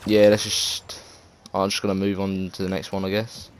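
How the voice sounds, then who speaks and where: A man with an English accent talks through his gaming opinions in an offhand, meandering way. His voice sits very low, and he stumbles through fillers and swears freely. A faint hiss sits under his voice. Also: monotone, moderate pace. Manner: rambling, hesitant, lots of fillers and swearing. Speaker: gaming video creator. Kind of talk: casual gameplay commentary.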